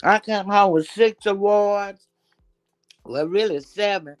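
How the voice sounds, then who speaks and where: A woman hosting a casual chat, blunt and animated as she gossips. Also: medium pitch, slow, no room sound. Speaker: show host.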